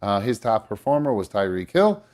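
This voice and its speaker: A man's voice: fairly low pitch, very animated, moderate pace, darkish tone. A man hosting a live podcast, chatting loosely and swearing casually. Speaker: podcast host. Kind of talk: casual chat.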